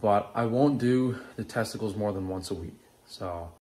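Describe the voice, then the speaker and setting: A man talks through his morning routine in a casual vlog, plainly and matter-of-factly. His voice sits on the low side. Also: normal speed, a little mellow. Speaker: diet vlogger in the reacted clip.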